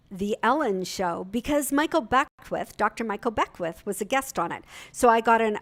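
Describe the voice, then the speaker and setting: A middle-aged woman giving an inspirational sermon, telling a story expressively and dropping into soft asides. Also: on the high side. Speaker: minister.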